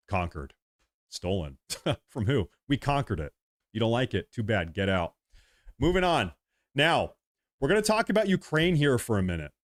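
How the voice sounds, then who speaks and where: A man from the United States hosting a political livestream, with heated, combative and repetitive talk that swings between loud outbursts and low mutters, into a headset mic. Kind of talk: livestream commentary.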